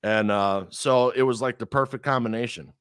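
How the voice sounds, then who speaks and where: A man's voice: mid-range voice, moderate pace, clean tone, no echo, studio quality. A man telling a personal story in casual chat, swearing freely and acting out the people he quotes. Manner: profane, animated, acts out quoted people.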